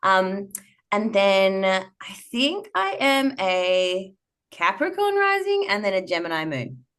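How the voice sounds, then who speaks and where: A woman's voice: medium pitch, slow pace. A woman from Perth, a guest on a podcast, telling stories playfully and acting out little quotes with frequent laughs. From Perth, Australia. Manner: playful, animated storyteller who acts out quotes and laughs often. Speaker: burlesque performer, podcast guest. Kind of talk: casual interview chat.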